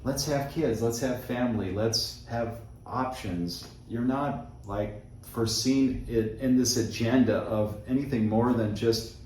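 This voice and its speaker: A man's voice: mid-range voice, slow, hardly any pauses, a little mellow, a little hiss or hum. A man hosting an interview, speaking in an earnest, reflective way. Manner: earnest, reflective, many short affirmations. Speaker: host. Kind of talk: conversational interview. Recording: very echoey, distant mic.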